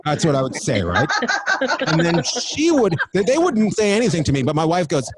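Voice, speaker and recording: Riffing loosely and profanely, a stand-up comedian does crowd work from a studio, teasing the audience while loud laughter runs throughout. His voice is a little high with huge pitch swings, his pace moderate, and the recording very noisy.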